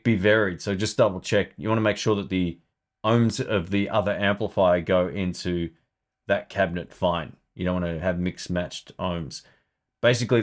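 A man hosting a casual live stream about guitar gear, chatting loosely and thinking aloud. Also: on the low side.

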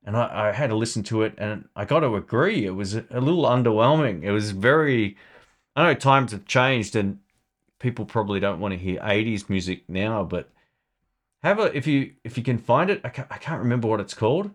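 Man, low-pitched voice, relaxed live stream chat, gear talk. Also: a little fast. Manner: chatty and relaxed, thinking aloud with fillers. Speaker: live stream host reviewing guitar gear.

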